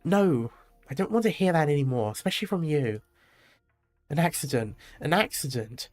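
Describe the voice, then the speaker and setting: A man's voice: a little high, animated, normal speed, darkish tone, faint music behind, lightly acted. A man reading aloud the lines of a grief-stricken young winged woman from a game, in a mostly plain, lightly acted voice. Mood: anguished.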